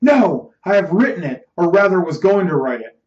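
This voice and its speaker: A man's voice: high-pitched, very animated, normal speed, darkish tone. Guy doing an upset young writer guy, urgent and pleading, kinda muffled roomy sound. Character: young male writer, agitated, insistent. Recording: roomy, slightly muffled recording.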